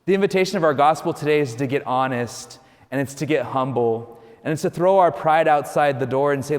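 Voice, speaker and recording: A man, a Catholic priest, preaching a homily in a relaxed, storytelling way, often adding "you know". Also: a little high, a little fast, big-room sound.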